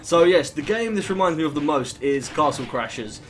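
A man's voice: fairly high pitch, expressive, moderate pace, soft background music. A British man rambling casually through let's play commentary, with lots of fillers and the odd swear. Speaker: gaming channel host.

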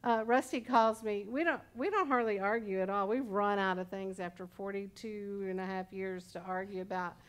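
A woman's voice: mid-range voice, steady tone, moderate pace, few pauses. A woman pastor in her sixties preaching a sermon in a conversational, storytelling way with humorous asides. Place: church service.

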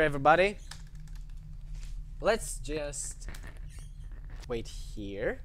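A man's voice: mid-range voice, big pitch swings, slow, slight background noise. A man hesitantly commenting on a horror game, with lots of fillers, yelping and swearing at the scares. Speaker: let's play gamer.

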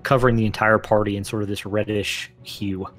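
A man narrating a tabletop game as game master, with dramatic descriptions and filler pauses. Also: fairly low pitch, level tone, a bit bright, soft background music.

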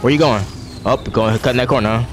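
A gaming streamer with a medium-pitched voice talks quickly over soft background music. He keeps up a live, profane, exasperated commentary as he plays a video game.

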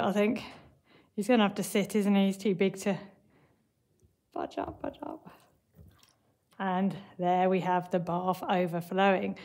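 A woman teacher, explaining maths and reading a picture book aloud to young children in a clear, patient way. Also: medium pitch, darkish tone. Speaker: primary school teacher.

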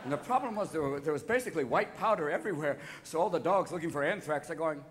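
A man's voice: fairly high pitch, expressive, background noise. A man doing manic, profane stand-up comedy on a theater stage. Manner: manic, profane, rapid shifts of voice. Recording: live theater, audience laughter.

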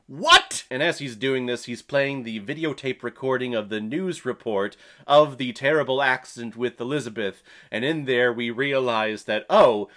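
A man's voice: medium pitch, fairly bright tone. A young man giving a casual, enthusiastic movie review, laughing often.

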